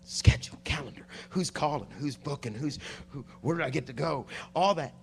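A man preaches from a conference stage, his voice set a little high. He swings from near-whispered asides to full-throated shouting, with a faint hum under the stage mic. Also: moderate pace, gravelly. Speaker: pastor. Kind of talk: sermon. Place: conference hall.

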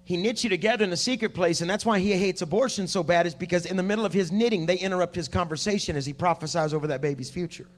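A man preaching a sermon at a conference, dropping to a hush and then rising to shouting. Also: sits high, fast talker, few pauses. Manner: swings from hushed to shouting preaching. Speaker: pastor. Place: conference hall.

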